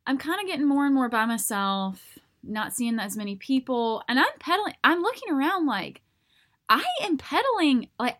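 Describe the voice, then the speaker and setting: A woman hosting a podcast, telling a self-mocking story in a casual, animated way and acting out the voices of people she quotes. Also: mid-range voice. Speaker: podcast host.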